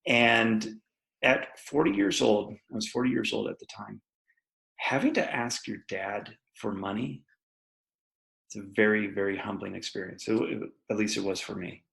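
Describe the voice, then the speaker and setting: A man's voice: lowish voice, moderate pace, vocal fry, fairly bright tone, rough recording. A man in his forties, a guest entrepreneur, candidly telling a personal business story in a podcast interview.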